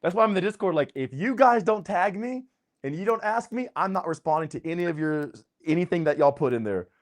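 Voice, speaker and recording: A male host with a high-sitting voice talks briskly in a casual conversation. He's super hyped and excitable, full of slang, saying "dude" and "bro" a lot.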